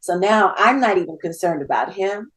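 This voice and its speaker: A woman in her fifties, a podcast guest, telling a story in a lively, laughing way and acting out the dialogue. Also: on the low side, normal speed, noisy background. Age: 50s. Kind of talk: casual storytelling.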